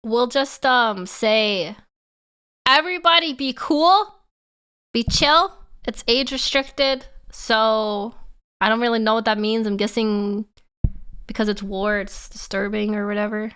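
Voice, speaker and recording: A woman's voice: medium pitch, level tone, a little slow, fairly bright tone, smooth. A woman streamer chatting casually and giggling as she sets up a reaction video. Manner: giggly, self-teasing, chatty.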